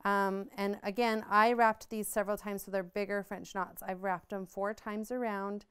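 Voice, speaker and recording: A woman's voice: mid-range voice, flat delivery, normal speed, fairly bright tone, clear, resonant tone. A woman giving a patient, upbeat step-by-step embroidery tutorial, explaining each move as she stitches. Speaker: embroidery instructor.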